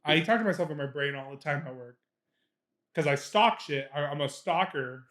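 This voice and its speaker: A man's voice: a little high, lively intonation, moderate pace, a bit bright. A young man co-hosting a podcast, telling a story in casual chat, laughing at himself and swearing freely. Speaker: podcast co-host. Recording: echoey room.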